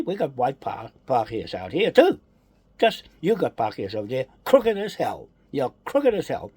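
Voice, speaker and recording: A man's voice: mid-range voice, a little mellow, husky, no echo. A man delivering an angry, accusatory political rant, repeating his charges with heavy emphasis.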